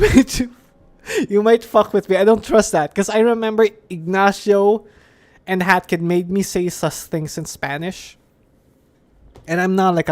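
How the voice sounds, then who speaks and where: This is a streamer from the Philippines talking casually on a live stream. The talk rambles from one idea to the next, playful and loose, with frequent swearing and laughter. The voice sits at a mid-range pitch, and music plays clearly in the background. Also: darkish tone.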